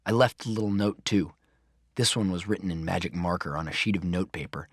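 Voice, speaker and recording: A man reading a children's chapter book aloud in an expressive first-person narration. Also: deep voice, fairly quick, slightly rough, dry recording, studio quality. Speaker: audiobook reader.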